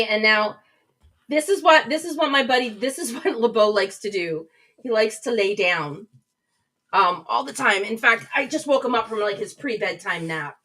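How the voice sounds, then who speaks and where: A woman's voice: fairly high pitch, a bit bright, far from the mic, poor audio. A woman hosting a live stream, chatting casually and reading viewer comments aloud. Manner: chatty, reads chat comments aloud, rambling restarts. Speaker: livestream host. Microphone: webcam mic, a little back from screen.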